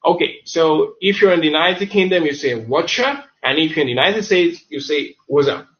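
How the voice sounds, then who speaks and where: Male tutor, fairly high voice, casual webinar delivery, dull lo-fi sound. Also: lively intonation, moderate pace, fairly bright tone. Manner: chatty, loose, self-correcting, says the same word several times over. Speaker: online English teacher. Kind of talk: webinar lesson on slang.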